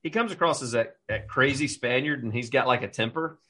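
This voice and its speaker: A man's voice: medium pitch, a little fast, pushed and bright. A man co-hosting a casual podcast, rambling and joking with friends. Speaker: podcast co-host. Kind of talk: casual banter.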